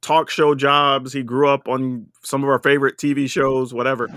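A podcast co-host muses animatedly in casual chat, speaking at normal speed with a medium-pitched voice. A little background noise is audible.

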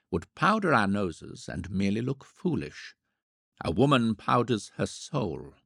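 A man narrating a classic story in a measured, wry tone, his low voice gravelly and a little husky. His pitch moves with lively expression, and the recording is dry and close. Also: no room sound. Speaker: audiobook narrator. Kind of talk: scripted narration.

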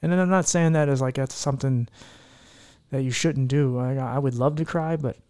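Man, podcast host, earnest, heartfelt, rambling casual chat, mid-pitched voice. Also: a little fast, a little mellow.

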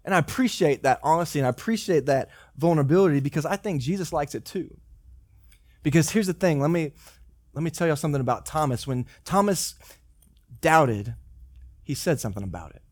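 A man's voice: fairly high pitch, expressive, fairly quick, darkish tone, no echo, clean studio sound. A man, a pastor giving a casual sermon full of joking asides and acted-out dialogue. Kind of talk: conversational sermon.

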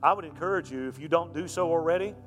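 A middle-aged pastor with a slightly high, fairly bright voice talks fast, preaching a conversational sermon and often repeating his words. He speaks in a church sanctuary, where the hall sounds echoey, with soft music playing in the background.

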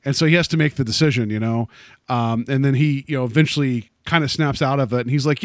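Casual male podcast co-host, rambling and restarting, medium pitch, dry close sound. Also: fast, dry recording. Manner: rambling, full of fillers and restarts. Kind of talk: casual chat.

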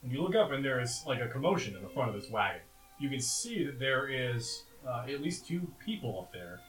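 A man's voice: mid-range voice, very animated, a little fast, roomy sound, recorded from a distance, soft background music, rough recording. A man running a tabletop western game as game master, narrating loosely with many fillers.

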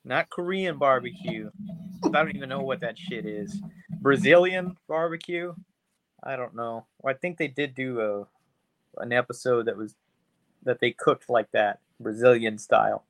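A man co-hosting a podcast, chatting casually about a TV show in a relaxed, hesitant way. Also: medium pitch, a little slow, no room sound. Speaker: podcast co-host. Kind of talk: casual show review chat.

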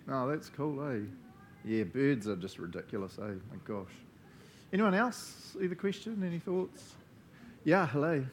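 A man's voice: mid-range voice, measured pace, slight background noise. Chatty New Zealand man leading a church talk. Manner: chatty, relaxed, tags sentences with "eh?". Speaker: church leader. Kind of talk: casual sermon with group discussion. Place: church gathering.

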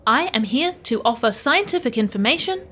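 A stiff, earnest robot scientist, as a woman puts her on, with a fairly high voice and formal, literal phrasing. She is heard over a faint hiss of room noise. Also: a little fast. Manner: flat, formal robotic speech.

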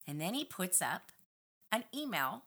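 Brief: middle-aged woman guest, very bright, forceful voice, animated and indignant storytelling. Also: on the low side, measured pace. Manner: animated, indignant retelling with lively acted-out quotes. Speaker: podcast guest. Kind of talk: casual storytelling conversation.

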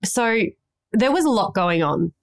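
A woman's voice: mid-range voice, big pitch swings, a little slow. An Australian woman podcast host, rambling through a long story in casual chat and swearing now and then.

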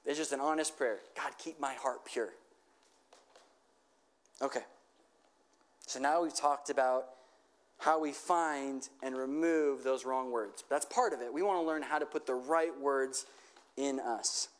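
A man's voice: medium pitch, fairly even intonation, measured pace. A man preaching a sermon in a conversational way, checking in with his listeners and leading them in a prayer. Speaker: pastor.

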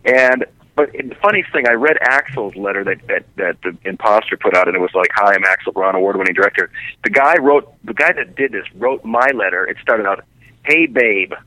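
A man's voice: mid-range voice, lively intonation, brisk, sharp tone, no echo, low-quality recording. A man calling in to a radio chat as a film director, joking and self-mocking.

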